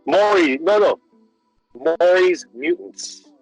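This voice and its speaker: A man co-hosting a casual comedy chat, laughing often and swearing freely, with loud bursts of excitement. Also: high-pitched, takes it slowly, husky, no room sound, faint music behind, rough recording. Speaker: podcast co-host.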